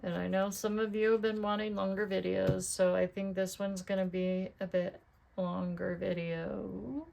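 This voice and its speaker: A middle-aged woman chats her way through a card-making tutorial, thinking out loud and turning to her viewers with questions. She speaks slowly, and her voice has a gravelly, fry-tinged texture. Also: mid-range voice, flat delivery. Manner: chatty, talks to herself while working, asks viewers questions. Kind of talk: casual crafting tutorial chat.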